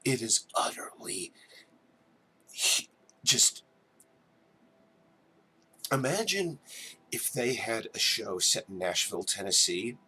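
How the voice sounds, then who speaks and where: A man's voice: lowish voice, very animated, slow pace, pauses often, bright, forceful tone, slightly rough. A man from New Jersey hosting a casual live chat, rambling and stammering as he answers viewers. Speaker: livestream host.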